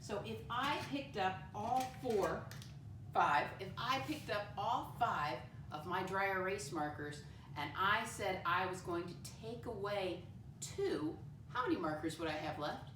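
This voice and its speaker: A patient woman teaching young children in a classroom, slowly spelling words out letter by letter. Her voice sounds roomy and sits a little away from the mic. A faint hum of background noise runs underneath. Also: medium pitch, lively intonation, recorded from a distance. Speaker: first-grade teacher.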